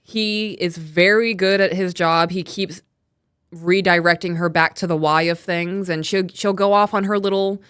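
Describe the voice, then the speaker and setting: A woman's voice: fairly low pitch, moderate pace, smooth, no room sound, clean studio sound. A woman co-hosting a live stream, casually breaking down a true-crime case and reading quotes aloud. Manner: reads quotes aloud, animated retelling. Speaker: podcast co-host.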